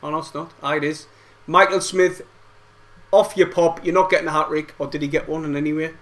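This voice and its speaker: A man's voice: fairly high pitch, fairly even intonation, fairly quick, a bit bright. A young man reacting to a football match live, frustrated and swearing, full of banter. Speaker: football fan streamer. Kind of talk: live match watch-along commentary.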